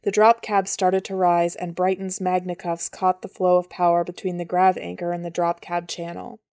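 A woman's voice: on the low side, little pitch movement, moderate pace, a little mellow, dry recording. Woman narrating a story, dry sound. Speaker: audiobook narrator. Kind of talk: scripted narration.

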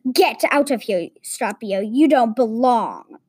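A woman voicing a stern female principal, giving firm orders in a slow, dry read. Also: a little high, animated, darkish tone, slightly rough, no room sound, heavily acted. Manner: firm, commanding.

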